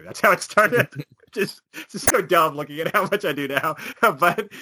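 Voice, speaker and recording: Bright-voiced chatty man. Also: fairly high pitch, normal speed, breathy edge. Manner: chatty and animated, laughs often. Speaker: podcast guest. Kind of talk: casual chat.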